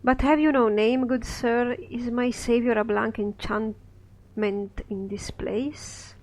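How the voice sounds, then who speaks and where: A man's voice: very high voice, fairly even intonation, slow pace, darkish tone, heavily acted, poor audio. A man reading a scripted play aloud, voicing a lost, naive young woman who speaks in earnest, pleading verse.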